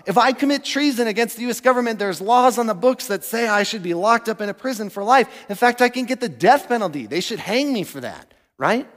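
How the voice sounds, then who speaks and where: A man preaching a sermon as pastor, with impassioned delivery that swings between loud emphasis and hushed passages. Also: high voice, lively intonation, normal speed, in a large hall.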